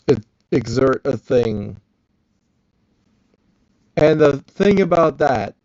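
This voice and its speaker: A man's voice: medium pitch, mellow, dry recording, highs cut off. A man reacting to a science video, arguing back and rambling as he thinks aloud. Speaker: reacting vlogger.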